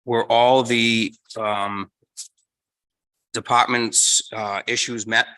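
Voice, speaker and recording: Bright-voiced man chairing a meeting. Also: medium pitch, flat delivery, clean tone, rough recording. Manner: halting, with fillers. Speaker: board chair. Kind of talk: town board meeting.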